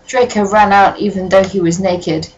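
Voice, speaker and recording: Woman reading a story out loud, dry sarcastic comments in between, normal mid voice. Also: mid-range voice, moderate pace, highs cut off. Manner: sardonic, deadpan asides. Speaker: reader of a fan story. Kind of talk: comic dramatic reading with commentary.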